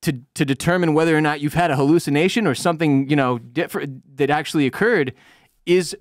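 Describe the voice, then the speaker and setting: A man's voice: fairly high pitch, quick pace, no room sound, studio quality. A man co-hosting a podcast, recapping a TV episode in loose, profane casual chat and acting out lines from the show. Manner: loose, profane, acts out quotes in voices. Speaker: podcast co-host.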